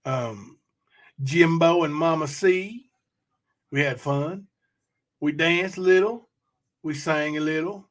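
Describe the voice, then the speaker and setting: Male livestream host, conversational, talks straight to viewers, voice sits a bit high. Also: takes it slowly, long pauses. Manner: chatty, rambling, addresses chat directly. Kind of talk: casual livestream chat reading viewer comments.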